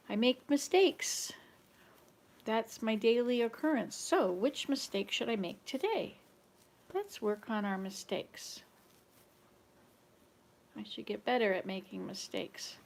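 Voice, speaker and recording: A woman with a gravelly, slightly high voice talks slowly and unhurriedly at home. She drifts between rambling chat and humming old folk tunes with la-las and dum-dums, as if talking to herself. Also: animated. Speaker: vlogger.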